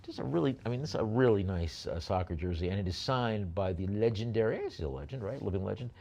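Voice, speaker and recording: A man's voice: lowish voice, lively intonation, fast, gravelly, mellow, muffled recording. A man working as an auctioneer, calling out bids at a live auction and slipping in jokey asides between lots.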